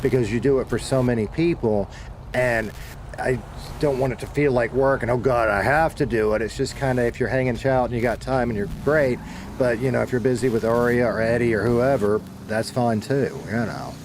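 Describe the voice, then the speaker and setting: A man's voice: mid-range voice, fairly even intonation, normal speed, a little mellow, a little hiss or hum. A laid-back man with a Southern American accent, rambling casually to his stream chat, swearing now and then. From Southern United States. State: dehydrated.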